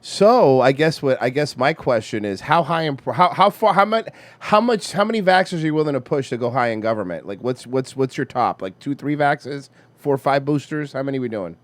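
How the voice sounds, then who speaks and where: A man's voice: medium pitch, animated, fairly quick, few pauses, no echo. A man hosting a crude comedy talk show, blunt, profane and conspiratorial. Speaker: host. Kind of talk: crude comedic political chat.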